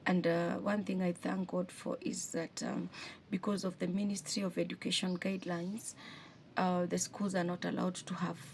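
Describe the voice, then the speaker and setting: A Kenyan woman in her forties talking to camera in a chatty, heartfelt way, often pausing and correcting herself. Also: on the low side, level tone, gravelly, darkish tone, a little hiss or hum. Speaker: vlogger, single and foster mom. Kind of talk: casual talk to camera.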